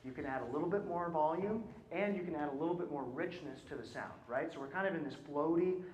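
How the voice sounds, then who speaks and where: Working through a rehearsal in a concert hall, a choir clinician speaks quickly in a high-leaning voice with a darkish tone. The sound is lo-fi and roomy, and he frequently poses questions and adds "right?" to check in.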